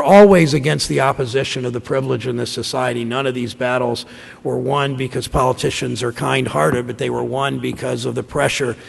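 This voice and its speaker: A man in his fifties from Ohio gives a speech in a large conference room. His voice is very gravelly, and a long hall reverb trails his words. He tells stories in a folksy way with halting restarts. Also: medium pitch. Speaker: senator.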